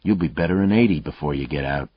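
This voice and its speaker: A man's voice: extremely low pitch, fast, no echo. Cool needling detective, read by a man, clipped speech, dry muffled audio. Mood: taunting. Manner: taunting, calm, clipped threats.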